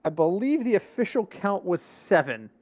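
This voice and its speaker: A middle-aged man co-hosting a casual podcast, telling a long story in a chatty, animated way. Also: sits high, moderate pace. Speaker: podcast co-host. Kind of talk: casual chat.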